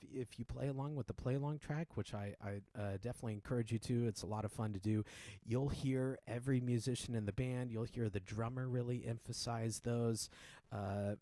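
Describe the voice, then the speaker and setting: A man teaching a piano piece in a relaxed, explanatory way, with many fillers and restarts. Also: fairly low pitch, no echo. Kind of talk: casual spoken tutorial. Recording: piano playing loudly behind. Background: loud piano playing.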